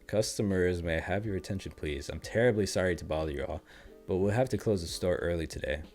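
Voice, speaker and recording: A man's voice: deep voice, fast talker, a little mellow, soft background music, close to an everyday voice. A man voicing a polite but controlling woman boss in her forties while reading a comic aloud. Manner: formal, commanding.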